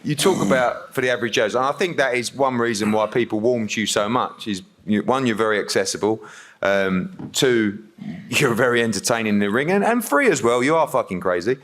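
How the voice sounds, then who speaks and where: A man's voice: mid-range voice, expressive, a little fast, fairly bright tone. Man, interviewer, press conference questions, long-winded, rambling.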